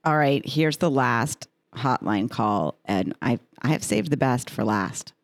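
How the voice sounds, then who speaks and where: Low-voiced woman podcast co-host. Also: expressive, unhurried, no room sound. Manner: laughing, teasing interjections. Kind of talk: casual chat.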